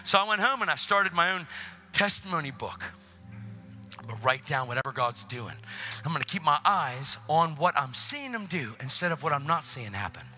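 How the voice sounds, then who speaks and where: A man preaching an energetic sermon in a church, telling a story and acting out both sides of the conversations, with sudden excited shouts. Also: a little high, normal speed, soft background music.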